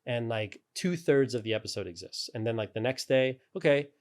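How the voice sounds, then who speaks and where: A man's voice: medium pitch, brisk. A man telling stories in a casual interview, rambling and laughing often. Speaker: character animator guest.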